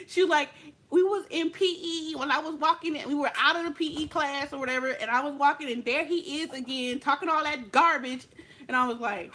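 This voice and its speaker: Young woman from california telling a story, high bright voice, super animated. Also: fairly quick. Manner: animated, acts out friends' lines. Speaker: makeup vlogger telling a story. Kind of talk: casual storytime chat.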